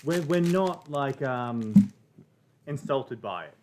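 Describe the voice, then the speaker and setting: An Australian man, a guest on the stream, bantering in a cheeky, quick-witted way and swearing freely. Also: medium pitch, lively intonation, darkish tone, a little hiss or hum. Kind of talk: casual banter.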